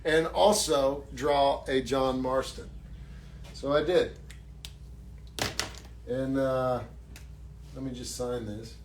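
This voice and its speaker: A man, an actor signing autographs on a live stream, chatting casually in a jokey, self-mocking way and thanking fans warmly. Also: mid-range voice, fairly even intonation, slow pace, pauses often, slight background noise.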